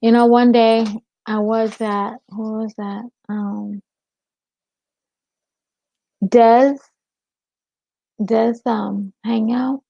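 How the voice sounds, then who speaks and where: Gravelly woman hosting a casual live chat. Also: fairly high pitch, little pitch movement, extremely slow, long pauses, dark tone, dry recording. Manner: rambling, answers viewer comments by name. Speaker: livestream host. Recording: dull lo-fi stream audio.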